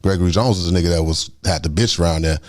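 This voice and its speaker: A man with a Chicago accent tells a street story in a fast, animated rush. His voice sits fairly low, and he jumps into loud acted-out quotes before dropping back to a low murmur. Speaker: guest telling his life story. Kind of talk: casual storytelling.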